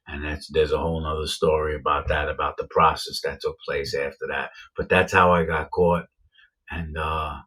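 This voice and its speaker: A man's voice: extremely low pitch, fairly bright tone, breathy edge. A man from New York telling his own story to camera in a rambling way, with many fillers.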